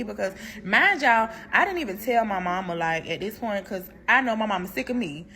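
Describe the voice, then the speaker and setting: A young woman telling a prison story in a storytime vlog, animated and slangy, laughing as she goes. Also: mid-range voice, brisk, hardly any pauses, soft background music.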